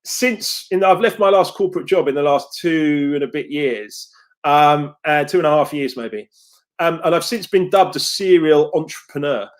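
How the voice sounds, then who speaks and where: A man's voice: on the high side, normal speed. A middle-aged man, a success coach, telling stories in a chatty, upbeat way to his followers. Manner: chatty and upbeat, storytelling with quotes. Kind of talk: casual live talk to followers.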